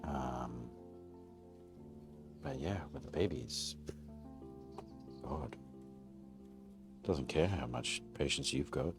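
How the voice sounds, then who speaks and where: A man's voice: a bass voice, very slow, pauses often, over music. An Australian man streaming live from his home garage, chatting casually and candidly in a rambling way while he cooks. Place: single-car garage at home.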